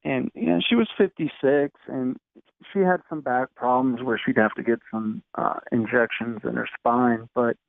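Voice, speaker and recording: A man in his thirties telling his personal story in an interview, halting and full of fillers and restarts. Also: mid-range voice, creaky. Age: 30s. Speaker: guest. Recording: dry tinny phone-like sound.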